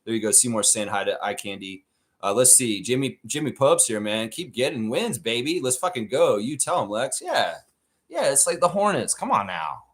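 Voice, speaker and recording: A man's voice: medium pitch, normal speed. A man hosting a live stream, chatting casually and ranting with plenty of swearing. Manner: profane, animated rant reading chat.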